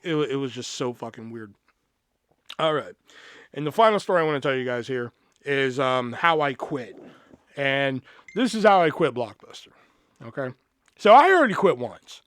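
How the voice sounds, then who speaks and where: Thirties dude ranting old job stories, kinda high voice, swears nonstop, dry mic. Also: male voice, dry recording. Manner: animated, swears a lot, acts out quotes. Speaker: podcast host. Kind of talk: casual storytelling.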